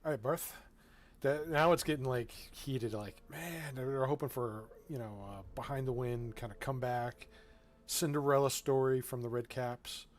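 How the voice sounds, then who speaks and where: A laid-back guy running a tabletop game in a middle-pitched voice, chuckles a lot, lots of ums and uhs, just casual narrating for the players. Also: moderate pace. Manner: relaxed, chuckling, with filler-heavy asides. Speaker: game master.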